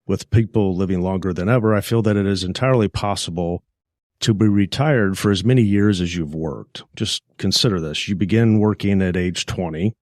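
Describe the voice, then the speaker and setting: A man hosting a finance podcast, delivering a measured, plainspoken scripted monologue. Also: low voice, darkish tone, dry recording, studio quality. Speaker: podcast host, financial advisor.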